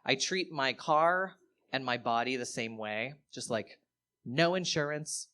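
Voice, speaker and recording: A man performing a stand-up comedy set on stage, telling stories in an animated way and acting out the other people in them. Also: mid-range voice, measured pace, a little hiss or hum. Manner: animated storytelling, acting out quoted voices. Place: live comedy venue, audience laughter.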